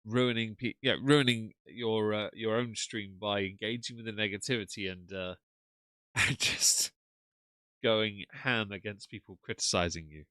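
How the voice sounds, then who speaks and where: A man's voice: on the low side, a little slow, bright, forceful tone, no echo, studio quality. A man chatting casually on a live stream, reacting to clips and reading out chat names with frequent ums.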